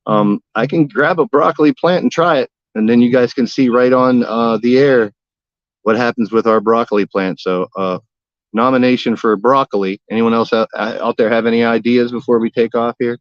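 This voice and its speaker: This gardening vlogger chats casually on a livestream from his own backyard, spinning folksy, meandering talk full of jokes built on old sayings. He speaks in a mid-range voice at a moderate pace, captured in a dry, lo-fi recording.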